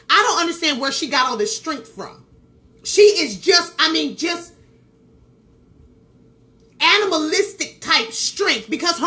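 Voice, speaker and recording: A woman's voice: high-pitched, bright, forceful tone. A woman vlogger telling a story in casual commentary, emphatic, repeating phrases and talking straight to her viewers. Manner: talks straight to viewers with asides.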